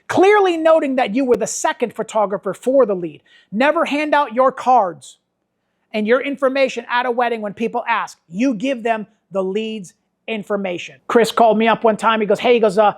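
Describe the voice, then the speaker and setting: A man's voice: high voice, moderate pace. A middle-aged man leading a photography workshop, telling stories and acting out the people he quotes. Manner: animated storytelling, acts out quoted voices. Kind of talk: workshop talk with anecdotes.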